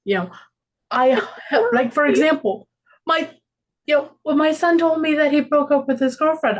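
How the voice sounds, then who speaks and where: Laughing, reflective woman co-host. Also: fairly high pitch. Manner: reflective, laughs often, talks about parenting. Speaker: podcast co-host. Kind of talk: casual chat.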